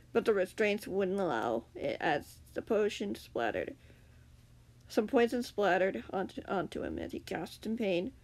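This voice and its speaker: Woman reading fanfiction with a lively, gravelly voice. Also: mid-range voice. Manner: casual reading with self-corrections and asides. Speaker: fanfiction narrator. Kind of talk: amateur story reading.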